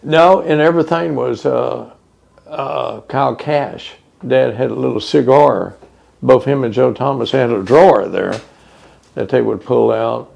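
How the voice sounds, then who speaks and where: Older man, gravelly low rasp, mid pitch, oral history interviewee. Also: darkish tone. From Texas. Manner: reminiscing, unhurried with many fillers.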